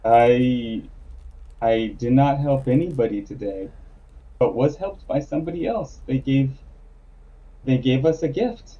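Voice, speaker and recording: A man playing a gentle, wistful tea shop worker. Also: medium pitch, lively intonation, a little slow, long pauses, muffled recording, lightly acted.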